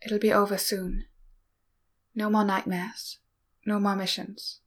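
A woman reading the lines of a grieving male clone soldier, quiet and subdued. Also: mid-range voice, little pitch movement, takes it slowly. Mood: mournful.

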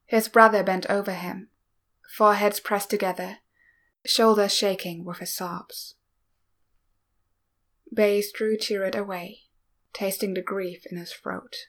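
A woman narrating a piece of fan fiction in a slow, even, subdued reading. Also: mid-range voice. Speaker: audiobook reader.

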